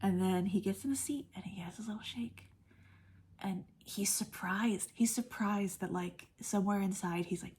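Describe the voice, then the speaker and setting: A woman gushing through a casual film review, saying "like" often and dropping into soft whispers. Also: medium pitch, fairly even intonation, unhurried, a little hiss or hum. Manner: gushing, heavy use of "like", drops to soft whispers when moved; laughs often mid-sentence. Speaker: movie reviewer.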